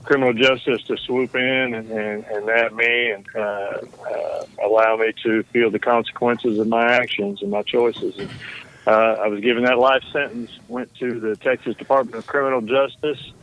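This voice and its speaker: A man's voice: medium pitch, steady tone, normal speed, a bit bright, muffled recording, a little hiss or hum. A man guest on a podcast, answering interview questions in an earnest, frank way with some hesitation.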